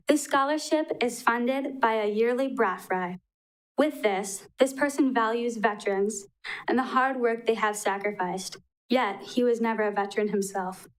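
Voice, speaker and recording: A woman's voice: fairly high pitch, poor audio. A young woman from Wisconsin reading an earnest prepared tribute at a council meeting podium microphone, a little emotional. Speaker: public commenter. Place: council chamber.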